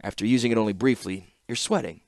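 A man voicing a calm, shrewd young man in an audiobook, with a measured, quietly wry delivery. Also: fairly low pitch, no echo, studio quality, close to an everyday voice. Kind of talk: audiobook character voice.

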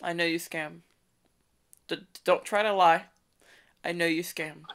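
A woman's voice: on the low side, steady tone, a little slow, a bit bright, clear, resonant tone. A woman making a mocking prank call. She stutters and taunts the person she is talking to. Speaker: prank caller. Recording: noisy background hiss.

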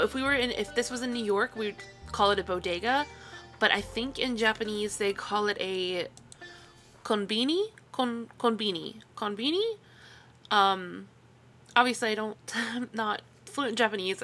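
A woman narrates a voiceover in a chatty, rambling way, full of ums and little asides. Her voice is bright and clear, and she sounds tired. Soft music plays faintly behind her. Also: mid-range voice. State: yawning, tired. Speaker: video creator.

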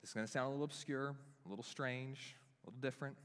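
A young adult male pastor preaching a sermon, staging a live demonstration with volunteers, animated and self-deprecating in a casual way. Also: very fast, clean tone. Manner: animated, self-deprecating, talks with lively pitch swings. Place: church hall. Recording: long reverb of a church hall.

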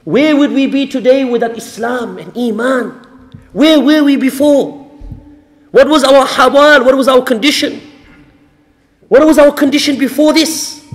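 A man's voice: extremely high pitch, a little slow, voice pushed up. A man doing an earnest young daughter. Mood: pleading. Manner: earnest, pleading. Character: devout young daughter pleading with her father. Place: mosque hall. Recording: reverberant hall.

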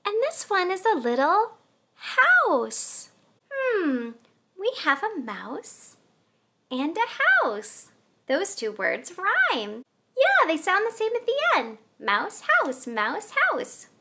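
A woman in her thirties hosting a children's educational video, with an animated, slow and clear sing-song delivery for toddlers. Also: extremely high pitch. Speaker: preschool teacher host.

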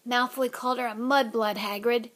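A woman voicing a young wizard schoolboy who sounds hoarse and weak, in an audiobook reading. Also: fairly high pitch, steady tone, moderate pace, fairly bright tone, lightly acted. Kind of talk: audiobook character voice.

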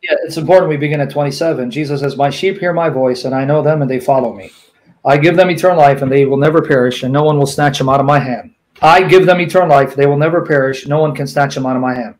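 A man arguing in a live debate, combative and rapid-fire, quoting passages from memory and pressing his opponent. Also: on the high side, low-quality recording. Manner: quotes scripture from memory.

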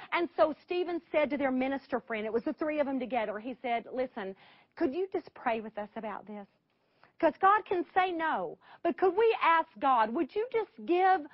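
Lady, middle aged, high voice, tells a big emotional story to a crowd, dry kinda dull sound. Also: no echo. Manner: emotional, dramatic storytelling with direct audience asides. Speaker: speaker. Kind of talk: storytelling talk to an audience.

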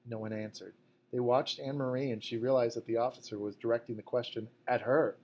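A man reading a novel aloud at a measured, fairly quiet pace. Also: medium pitch, fairly even intonation. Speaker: audiobook narrator. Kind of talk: scripted narration.

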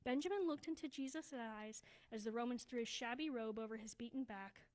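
A woman reading a children's story aloud at a church service, slowing down for emphasis and dropping to a hush. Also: a little high, poor audio. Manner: expressive, slows down for emphasis, drops to a hushed voice.

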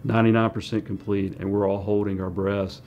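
A man's voice: lowish voice, flat delivery, brisk, dull audio, slight background noise. A man, a scientist, recalling events plainly and conversationally in a documentary interview. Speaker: lab scientist.

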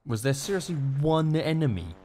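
A young Australian man giving let's-play commentary, excitable, swearing and yelping at the action on screen. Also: on the high side, normal speed, a little hiss or hum. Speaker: gaming YouTuber.

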